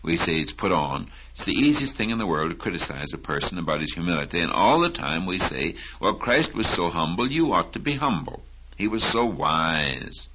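A man preaching a sermon, teaching slowly from a Bible passage and rising to emphatic questions. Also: deep voice, pushed and bright, rough recording.

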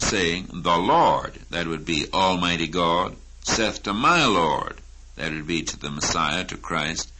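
A man preaching a sermon, teaching slowly from a Bible passage and rising to emphatic questions. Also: deep voice, sharp tone, slight background noise, low-quality recording.

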